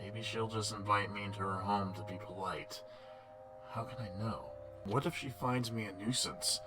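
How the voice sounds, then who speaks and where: A man's voice: fairly low pitch, normal speed, natural voice. A man voicing a shy, lovestruck man with a cursed monster face, talking nervously to himself in a game. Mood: anxious. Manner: nervous, hesitant self-talk. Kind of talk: game voice acting. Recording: game music playing loudly behind.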